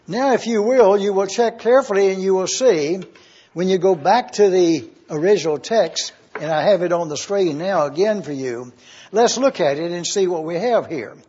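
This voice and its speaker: A man giving an expository Bible teaching sermon as pastor, deliberate and repeating key phrases for emphasis. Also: high voice, dark tone, breathy edge, highs cut off.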